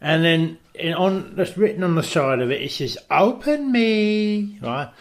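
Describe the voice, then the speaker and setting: A man co-hosting a podcast, telling a deadpan comic story. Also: on the high side, moderate pace. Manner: deadpan storyteller who acts out voices. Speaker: co-host.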